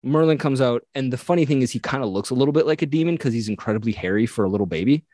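A man in the middle of a lively retelling on a podcast, jumping into little voices for the characters as he goes. His pitch sits mid-range and the sound is close and dry, with no room around it. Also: racing, no echo. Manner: animated retelling, acting out quoted characters. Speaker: podcast co-host. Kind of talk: casual storytelling chat.

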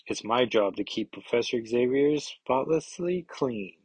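A man's voice: medium pitch, expressive, a little slow, darkish tone, slightly rough, dry recording, low-quality recording. A man voicing a creepy male villain posing as a custodian, mocking and taunting his victim with pet names. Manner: mocking, taunting, calls victim dearie and hun.

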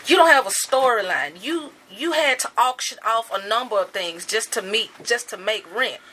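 Woman, bright forceful voice, slightly high; impassioned commentary. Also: expressive, normal speed, a little hiss or hum. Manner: angry, emphatic and repetitive. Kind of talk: impassioned monologue.

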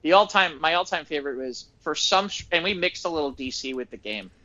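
Animated, high-voiced man telling stories. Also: a little fast, highs cut off. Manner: animated storyteller acting out quotes. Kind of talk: casual chat.

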